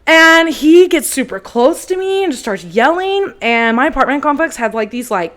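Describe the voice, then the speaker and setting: A young adult woman hosting her own show, telling a personal story in an animated, frank way with casual swearing. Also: high-pitched, moderate pace. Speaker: podcast host.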